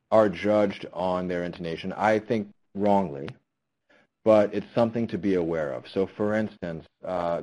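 In a low-quality recording, a man with a low-pitched, dark voice presents a conversational webinar on public speaking. He's a linguistics researcher, and his explanations are full of ums and restarts.

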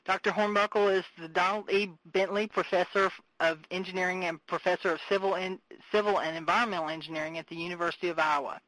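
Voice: medium pitch, little pitch movement, fast talker, few pauses, a bit bright, dry recording, rough recording. A moderator reading a formal speaker introduction for a webinar, often stumbling and restarting words.

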